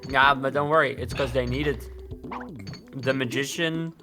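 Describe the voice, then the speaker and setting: A man rambles through casual chat while he plays, often restarting his sentences and dropping swear words. His voice sits at an ordinary middle pitch. Game music plays clearly under him. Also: steady tone, a little slow. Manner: rambling, swears freely, trails off mid-thought. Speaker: streamer. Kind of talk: casual chat over gameplay.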